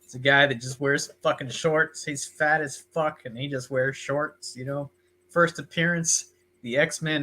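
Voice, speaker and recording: A man's voice: on the high side, fairly even intonation, a little slow, sharp tone. A man, co-hosting a podcast in casual chat, with a laid-back, dry joking manner. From Texas. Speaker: podcast co-host.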